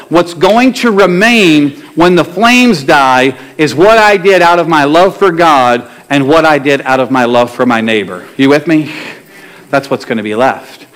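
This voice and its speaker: Male pastor, fairly high voice, chatty sermon delivery with questions to the congregation. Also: fairly bright tone. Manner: conversational, asks the congregation questions and tells jokes. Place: church sanctuary before a congregation.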